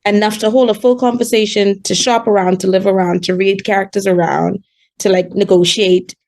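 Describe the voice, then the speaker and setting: A woman in her twenties from the Bahamas with a Bahamian accent, chatting casually as a call-in guest and telling quick stories with laughs. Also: mid-range voice, steady tone, vocal fry, darkish tone. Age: 20s. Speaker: guest calling in. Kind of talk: casual chat.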